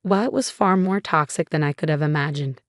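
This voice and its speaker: Female storyteller, measured and dramatic; low register, dry close sound. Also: no echo. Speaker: story narrator. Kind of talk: scripted dramatic narration.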